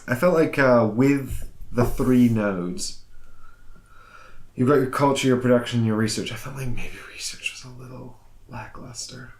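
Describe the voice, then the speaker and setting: A man co-hosting a casual review chat, measured and analytical. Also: medium pitch, darkish tone. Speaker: board game channel co-host. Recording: echoey room.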